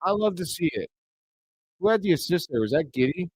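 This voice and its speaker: A man hosting a live reaction stream, calling the action play by play and bursting into excited shouts on big plays. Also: a little high, a little fast, breathy edge, dry recording. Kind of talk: play-by-play commentary. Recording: dry, slightly dull home mic.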